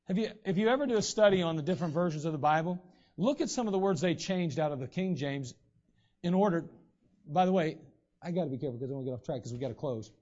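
High-voiced preacher, lo-fi sermon recording. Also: male voice, expressive, darkish tone. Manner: emphatic, slow stressed scripture reading; conversational asides to the congregation. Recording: dull lo-fi sound.

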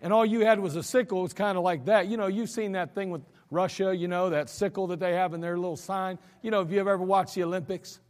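A man's voice: sits high, steady tone, fast, hardly any pauses, darkish tone. An American man preaching a sermon in a church sanctuary, folksy and emphatic as he tells stories from the pulpit. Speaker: pastor. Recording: church hall reverb.

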